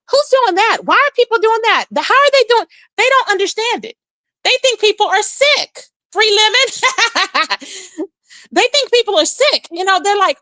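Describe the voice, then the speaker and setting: A high, bright-voiced woman hosts a chatty gossip livestream, swooping up and down as she talks to her chat. Her voice sits close and dry on the mic, with no room around it. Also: no echo. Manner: chatty, animated, calls viewers "child" and "baby". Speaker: livestream host.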